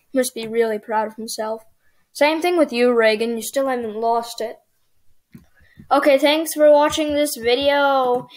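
A woman hosting casual gameplay commentary, thinking aloud and getting excited as the results come in. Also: high voice. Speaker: gaming channel host.

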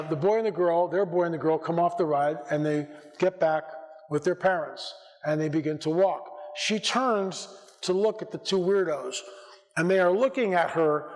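A hoarse American man telling stories from a church stage, his voice fairly high for a man. He acts out the lines of the people in his stories and keeps clearing his throat. A long hall reverb trails behind every word. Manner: animated, acts out dialogue, frequent restarts. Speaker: conference speaker. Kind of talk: storytelling talk to a church audience.

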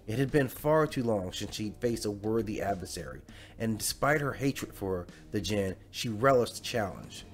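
A man's voice: on the low side, animated, normal speed, soft background music. A man narrating a fan fiction bedtime story in a dramatic storytelling manner.

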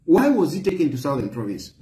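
A man's voice: a little high, wildly swooping pitch, fast talker, dark tone, roomy sound, poor audio. A man giving impassioned political commentary, firing off repeated rhetorical questions. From Zambia. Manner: heated, repetitive rhetorical questions.

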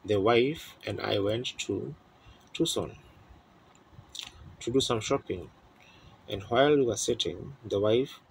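A man's voice: fairly low pitch, slow, gravelly, long pauses, a little hiss or hum, rough recording. Earnest preacher man telling a vision. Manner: earnest storytelling preacher, rambling with restarts. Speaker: pastor. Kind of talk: sermon. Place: church tabernacle.

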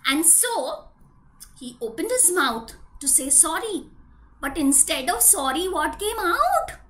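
A woman, a preschool teacher telling a story to young children, animated and often asking them questions. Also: extremely high pitch, slow.

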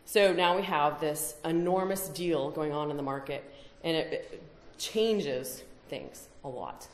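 A woman's voice: low-pitched, expressive, measured pace, roomy sound. A woman giving a conference talk, emphatic, with rhetorical questions. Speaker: conference speaker. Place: conference hall.

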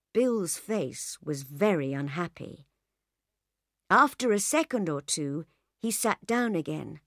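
Woman, audiobook narrator, graded reader, slow, lively pitch. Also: no echo, studio quality. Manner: slow, clear reading for learners.

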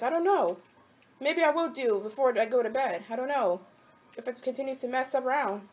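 A young woman hosts a mobile game channel, speaking in a high, animated voice that is brisk with a darkish tone. She rambles casually as she plays, talking to the game characters and getting easily frustrated.

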